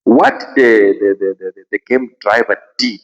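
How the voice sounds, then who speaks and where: A man with a South African accent, hosting a podcast and telling a story in a casual, expressive way. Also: on the low side, moderate pace, dull audio. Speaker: podcast host.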